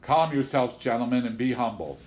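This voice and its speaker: A man's voice: mid-range voice, expressive, a little fast, a little mellow, highs cut off, natural voice. A man reading an audiobook, voicing a grandiose male showman in a pompous, theatrical manner.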